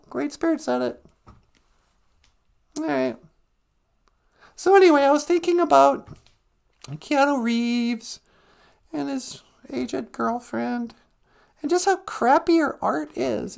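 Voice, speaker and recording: A woman's voice: sits high, slow pace, vocal fry, long pauses, a little mellow. A woman hosting a comic live-stream chat, mock-earnest and sarcastic, saying solemn-sounding mock prayers. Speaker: host.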